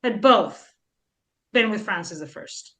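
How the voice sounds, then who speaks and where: A woman's voice: medium pitch, lively intonation, a little slow, a bit bright. A woman co-hosting a history podcast in casual chat, telling stories and acting out historical figures in voices.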